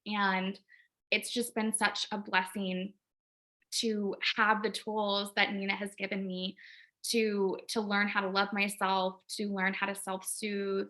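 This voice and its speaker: A woman with a bright, clear-edged voice talks earnestly and haltingly, restarting her sentences as she goes. She sounds close to tears, her voice held together with effort. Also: medium pitch, flat delivery. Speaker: guest, LSAT tutor. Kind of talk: emotional personal interview talk.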